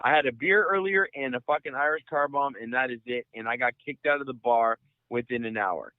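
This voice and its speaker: A young man from the Bay Area telling a long profane story on a podcast, rambling and animated. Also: mid-range voice, brisk, clear, resonant tone, dry recording. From San Francisco Bay Area. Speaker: podcast host. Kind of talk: casual storytelling. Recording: dry, phone-like audio.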